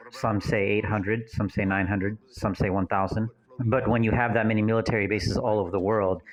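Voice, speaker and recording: A male commentator talks over a film, earnest and rambling, moving from one anecdote to the next. His voice is somewhat low. The tone is casual and conversational. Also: low-quality recording.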